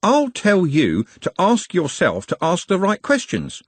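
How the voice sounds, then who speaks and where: Brief: male narrator as cheerful young working man, quick and robust, husky, dry. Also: high-pitched, huge pitch swings, no echo, voice pushed up, exaggerated voice. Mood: cheery. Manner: robust, chatty.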